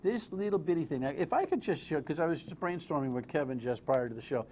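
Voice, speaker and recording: An animated male talk show host with a slightly high voice that swings widely in pitch. He riffs through live political commentary with exclamations and rambling asides. A faint hum sits under the studio sound. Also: fast talker.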